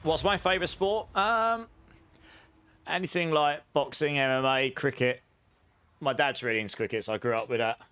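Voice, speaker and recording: A man's voice: medium pitch, moderate pace, a bit bright, clear, resonant tone. A man chatting casually while streaming a game, answering his chat and telling long rambling anecdotes.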